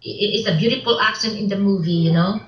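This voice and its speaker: A woman speaking English as a second language in a casual interview. She starts over often and repeats words as she goes. Her voice sits in a middle pitch and comes through an echoey, somewhat dull recording. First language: not English. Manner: halting, repeats words, broken grammar, laughs often. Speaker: actress and filmmaker guest.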